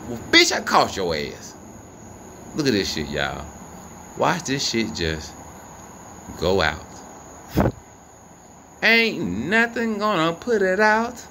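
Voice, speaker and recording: A vlogger films the night sky on his phone outdoors, addressing his viewers directly in excited live commentary. His pitch leaps around as he exclaims, curses, and asks questions in disbelief. Loud crickets, insects, and passing cars make the recording noisy.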